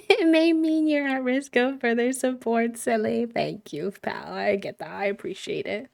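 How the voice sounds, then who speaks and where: A woman's voice: fairly high pitch, a little slow, vocal fry, darkish tone. A woman live-streaming a game, chatting casually, giggling and cooing fondly at the characters. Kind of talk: casual chat while playing a life-sim game.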